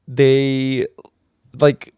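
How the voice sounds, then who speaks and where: A man co-hosting a podcast in casual chat, laid-back and quick to laugh. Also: medium pitch, monotone, mellow, clear, resonant tone, dry recording, studio quality. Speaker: podcast co-host.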